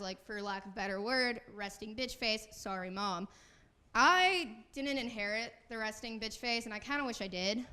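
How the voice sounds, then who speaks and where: A woman's voice: on the high side, pushed and bright, smooth. A woman in her twenties, a college student doing stand-up, chatty and self-deprecating with lots of fillers. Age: 20s. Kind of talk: stand-up comedy and interview.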